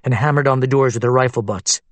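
A man narrating a thriller audiobook in a steady, even storytelling manner. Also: mid-range voice, quick pace, dry recording.

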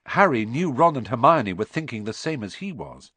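A man narrating an audiobook in an expressive storytelling manner. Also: mid-range voice, moderate pace, hardly any pauses, slightly rough, no echo.

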